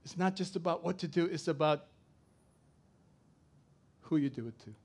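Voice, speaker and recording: A middle-aged man preaching a sermon, swinging from loud to soft as he tells a story. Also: on the high side, normal speed. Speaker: pastor.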